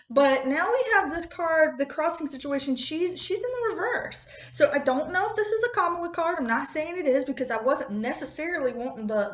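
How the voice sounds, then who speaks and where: A woman's voice: on the high side, reverberant. A chatty woman with a rural American accent, reading tarot cards in a casual, joking, profane way. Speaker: tarot reader.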